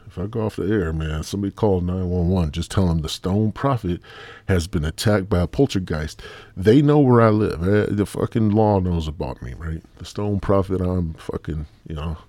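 A man's voice: deep voice, moderate pace, dark tone, no echo. A man from the American Midwest hosting a podcast and telling a rambling, profane comic story. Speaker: podcast host.

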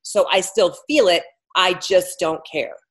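A woman's voice: on the low side, a little slow. A woman in her fifties, a former athlete talking candidly as a podcast guest, blunt and self-mocking. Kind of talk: candid casual interview talk.

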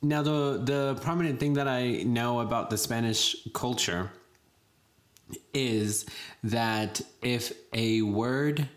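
A man co-hosting a casual podcast chat, explaining things slowly with frequent laughs. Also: medium pitch. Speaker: co-host.

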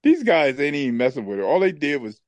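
An animated storytelling podcast host. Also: male voice, fairly high pitch, fast talker, no room sound. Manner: animated storyteller who laughs often. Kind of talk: casual chat and storytelling.

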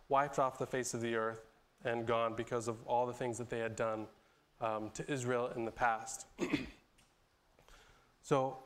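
Smooth-voiced man preaching conversationally. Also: medium pitch. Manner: loose and conversational, with frequent restarts and repeated words; clears his throat often between phrases. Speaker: pastor. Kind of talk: sermon retelling a Bible story.

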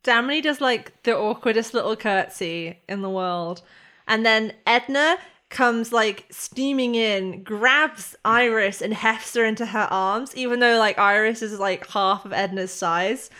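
A woman's voice: fairly high pitch, a little slow, sharp tone. A woman narrating a tabletop game as game master in a chatty, loose way full of fillers.

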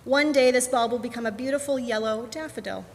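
A woman voicing a gentle, loving mother mole who speaks softly and reassuringly, in a storybook reading. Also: fairly high pitch, brisk, lightly acted. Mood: tender. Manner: soft, soothing, reassuring. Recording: echoey church hall, faint hum.

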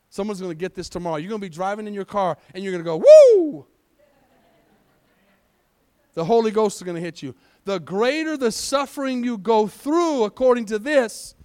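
A man's voice: sits high, no echo, studio quality. A male pastor preaching a sermon in a church, asking his congregation rhetorical questions and calling for responses. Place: church sanctuary.

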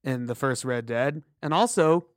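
A man's voice: mid-range voice, unhurried, dry recording, studio quality. A man co-hosting a podcast, chatting casually about a video game, rambling and restarting his sentences. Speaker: podcast co-host.

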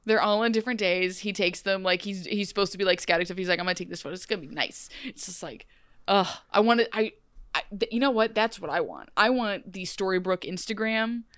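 A woman's voice: mid-range voice, clean tone, no echo. Chatty woman, very dry sound. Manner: animated, talks in quick run-on restarts. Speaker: podcast co-host. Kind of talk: casual chat.

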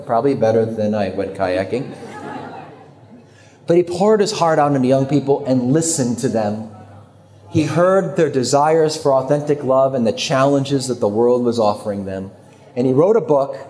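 A middle-aged man telling a story and speaking to a young audience in a faith talk, lively in how he voices the people in it. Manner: animated storytelling, raising pitch when quoting others.

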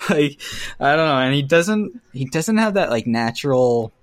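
A man's voice: fairly high pitch, moderate pace, dry recording, studio quality. A man casually telling an anecdote, acting out the quotes and laughing often. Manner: animated storytelling, acts out quotes, laughs often. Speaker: storyteller. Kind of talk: casual chat.

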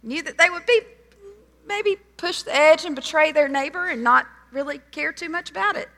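A woman preaching a sermon, retelling a parable with animated storytelling and voiced quotes. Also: high-pitched, moderate pace. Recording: long hall reverb.

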